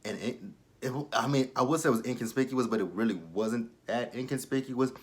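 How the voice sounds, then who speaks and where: A man's voice: medium pitch, brisk. A young man casually recapping a TV episode, blunt and profane, with exasperated asides and frequent restarts. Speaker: show recapper.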